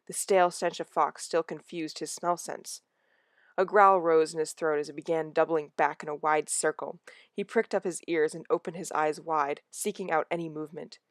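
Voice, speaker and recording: A woman reading a novel aloud in a soft, hushed narration that drops toward a whisper in tense moments. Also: low voice, no echo, studio quality. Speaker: audiobook reader.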